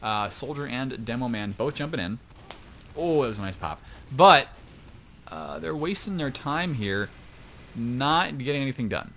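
A man's voice: mid-range voice, lively intonation, a little slow, creaky, a bit bright, a little hiss or hum. A man giving casual play-by-play commentary on an online match from his home computer, chatty and rambling, with self-mocking asides. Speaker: esports shoutcaster.

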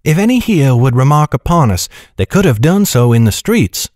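A man narrating a fantasy novel in a steady, even storytelling style. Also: mid-range voice, normal speed, no room sound, studio quality. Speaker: audiobook narrator.

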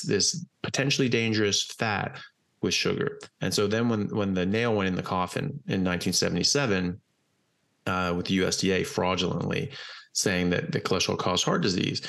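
A man with a deep, gravelly voice talks through his argument in a relaxed podcast chat. He is emphatic and blunt, stumbling over repeated words and fillers as he builds each point, and he drops the odd swear word. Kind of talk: casual podcast conversation.

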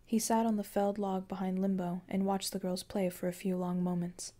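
Woman, audiobook narrator, scripted fiction, calm even storytelling, warm mellow voice. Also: mid-range voice, a little fast.

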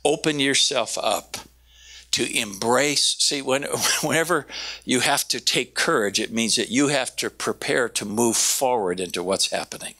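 A man preaching a sermon, animated, slowing down to stress key words and raising his voice when he quotes. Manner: animated, quoting with raised pitch, slowing for emphasis. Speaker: pastor.

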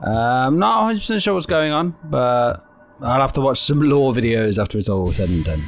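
A man giving foul-mouthed, excitable let's-play commentary over a video game. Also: medium pitch, moderate pace. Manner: profane, excitable reactions. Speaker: gaming YouTuber. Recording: game music playing loudly underneath.

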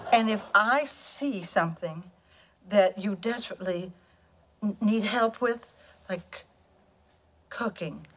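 A woman's voice: a little high, background noise. A woman playing a sugary, passive-aggressive wife who laughs through her words, heard as a played video clip.

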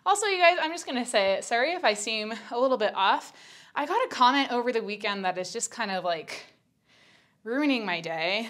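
A young woman leads a Pilates class while she does the exercises herself, and she is audibly out of breath. She talks in a chatty, candid way between counts and cues. Her voice sits at an ordinary middle pitch. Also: a bit bright. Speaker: Pilates instructor. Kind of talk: workout instruction.

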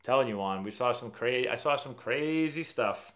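He's a man from Massachusetts running a casual live stream and answering what viewers ask, speaking at a moderate pace in a medium-pitched, fairly bright voice. His storytelling wanders and stays chatty, with frequent restarted sentences.

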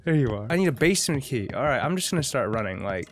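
A woman playing a horror game with her partner in casual chat, excitable and slangy, yelling warnings. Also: a bass voice, fast, heavy background noise. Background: game music.

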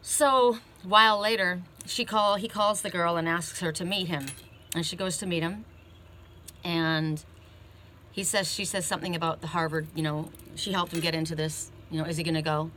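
A woman's voice: fairly low pitch, fairly even intonation, moderate pace, sharp tone, slight background noise. A woman giving an oracle card reading, who tells the story in a rambling, casual way. She keeps restarting her sentences and tags them with "you know" and "right?". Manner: self-interrupting, restarts her sentences often.

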